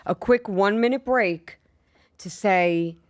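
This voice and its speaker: A woman's voice: medium pitch, no echo, clean studio sound. Teasing woman podcast co-host. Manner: teasing, quick to laugh and chime in. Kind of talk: casual chat.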